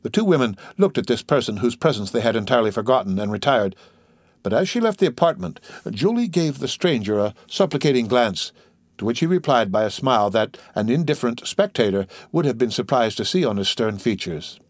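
A man's voice: medium pitch, big pitch swings, fairly quick, dry recording, clean studio sound. A man reading a classic novel aloud as an audiobook narrator, evenly and steadily. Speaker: audiobook reader. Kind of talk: scripted narration.

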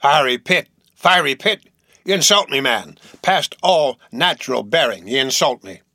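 A man putting on a hot-tempered old sea captain, pushed up high and loud, bellowing outraged oaths. The storybook reading sits in a dry, close space. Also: a little fast, no room sound, natural voice. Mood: raging. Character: fiery old male sea captain, blustering. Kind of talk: audiobook character voice.

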